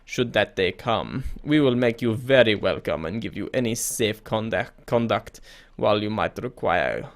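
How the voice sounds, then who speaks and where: A man's voice: on the low side, animated. A man doing a creepy, oily messenger with a French accent. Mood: creepy, insinuating. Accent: put-on French. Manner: slow, insinuating, overly polite. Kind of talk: reading game dialogue aloud.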